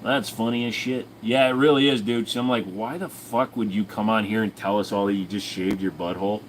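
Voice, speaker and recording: A man's voice: on the low side, steady tone, fairly quick, slight background noise. A man hosting a casual livestream from home, answering chat questions in a crude, jokey way and often breaking into silly voices. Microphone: desk microphone.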